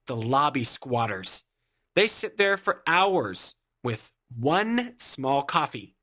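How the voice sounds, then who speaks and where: A sarcastic storyteller narrates a scripted comic story with exaggerated emphasis. The voice is bright and sharp, and its pitch swings up and down in a lively way. Each punchline gets a dry twist. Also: slow pace.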